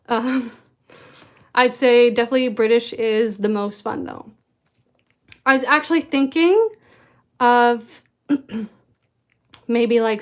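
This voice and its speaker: A woman chatting casually in a vlog Q&A, rambling and self-deprecating, often giggling at herself. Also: on the high side. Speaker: vlogger answering viewer questions. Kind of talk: casual Q&A chat.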